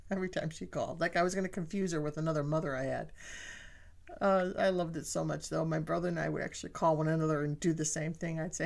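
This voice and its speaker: A woman's voice: lowish voice, brisk, gravelly, a little mellow. A middle-aged woman sharing personal family stories in a chatty way, laughing often and speaking directly to listeners. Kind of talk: personal storytelling talk.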